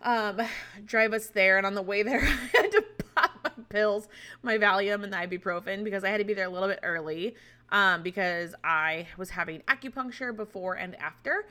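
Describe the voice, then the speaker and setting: A woman's voice: medium pitch, moderate pace, pushed and bright. A woman casually telling a personal story, chatty and candid, swearing freely and laughing often. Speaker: vlogger recounting a personal experience.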